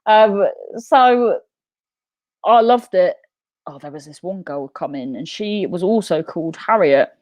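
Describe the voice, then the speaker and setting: A woman spins a comic tale about herself, chatty and self-mocking and quick to laugh. Her pitch jumps about as she talks. The sound is dry and close. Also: expressive, darkish tone, dry recording. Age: 30s. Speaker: guest telling her story. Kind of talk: comic storytelling in conversation.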